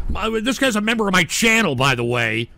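High, gravelly man yelling at his chat. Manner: short-tempered, yells and swears at chat. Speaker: livestream host. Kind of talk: ranting livestream talk.

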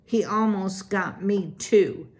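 A woman voicing an earnest young female mouse who stammers and talks haltingly. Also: mid-range voice, a little mellow, close to an everyday voice. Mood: upset.

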